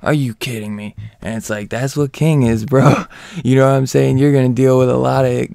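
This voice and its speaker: A man casually recapping a comic book, rambling and excitable with lots of fillers. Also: medium pitch, normal speed, vocal fry, smooth, no room sound, studio quality.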